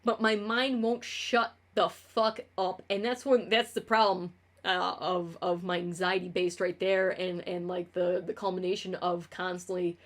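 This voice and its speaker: A woman's voice: lowish voice, little pitch movement, a little slow, hardly any pauses. A young woman streamer in casual livestream talk. She rambles from tangent to tangent, swears often, and trips over her words as a self-described clutterer.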